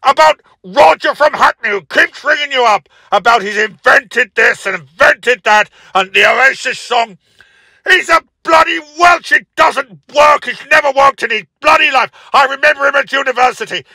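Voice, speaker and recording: A man playing an enraged radio caller who stammers, shouts and rants about other callers. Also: very high-pitched, normal speed, no room sound, heavily acted. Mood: furious. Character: furious male radio caller, middle-aged, hot-tempered. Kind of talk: comic phone-in sketch.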